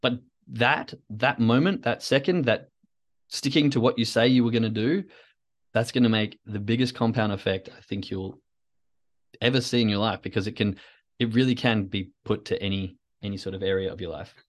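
A man's voice: on the low side, moderate pace. A man hosting a solo podcast, talking in a rambling, reflective, self-coaching way. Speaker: podcast host.

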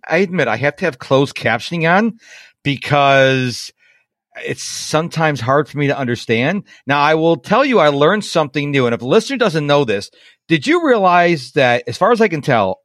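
A man's voice: fairly high pitch, a bit bright, dry recording, clean studio sound. An American man hosting a podcast, chatting casually and eagerly, often repeating himself. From Rochester, New York. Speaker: podcast host. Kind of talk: casual interview chat.

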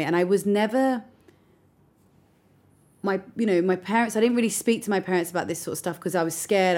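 A woman's voice: lowish voice, darkish tone. A young adult woman telling a personal story as an interview guest, reflective and open, sometimes close to tears. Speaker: guest recounting a hard period.

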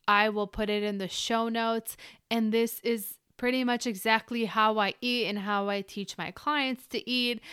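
Podcast host, woman, smooth clear voice, upbeat coaching chat, dry close mic. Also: mid-range voice, a bit bright, no echo. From Ukrainian family. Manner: chatty and encouraging, talks straight to the listener. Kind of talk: solo podcast monologue.

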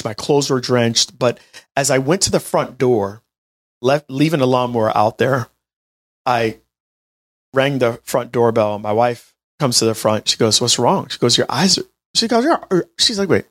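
A man in his late twenties telling a personal story in an animated, chatty way, talking straight to his listeners. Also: medium pitch. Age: 20s. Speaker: healthcare business owner. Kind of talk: storytelling monologue to an audience.

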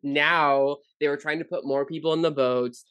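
A man's voice: fairly high pitch, fairly even intonation, moderate pace, a bit bright, smooth, no room sound. A man co-hosting a casual podcast, rambling through stories with lots of fillers. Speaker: podcast co-host.

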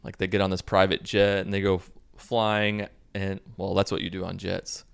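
A man casually recapping a movie in a sarcastic, deadpan way, swearing freely. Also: low-pitched, normal speed, gravelly, clear, resonant tone. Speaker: video host recapping a movie.

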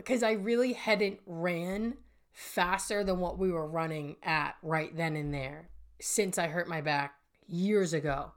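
A woman's voice: lowish voice, unhurried. A woman in her thirties hosting a podcast, telling a personal story and speaking earnestly and directly to her listeners. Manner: earnest, addresses listeners directly as "you guys". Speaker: podcast host and healing coach.

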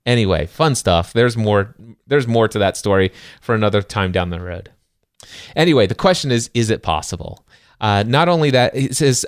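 A man's voice: fairly low pitch, animated, normal speed, smooth, dry recording, studio quality. A middle-aged man co-hosting a podcast, talking through a self-help book in an earnest, conversational way with rhetorical questions and frequent restarts. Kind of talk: casual faith-based self-help discussion.

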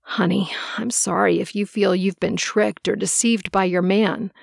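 A motherly, centuries-old seer woman, calm and soothing, as a female narrator plays her. Her voice carries a gravelly texture in a dry, close recording. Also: medium pitch, a little slow, no room sound.

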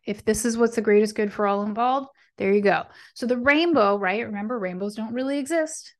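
A woman with a mid-range voice hosts a tarot reading podcast, offering casual spiritual guidance in an animated, encouraging way. She checks in often with "right?" and "okay?" and speaks affirmations with conviction.

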